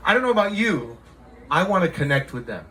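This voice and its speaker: A man doing stand-up storytelling at a live comedy venue, animated and laughing as he goes. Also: sits high, brisk, slight background noise, low-quality recording.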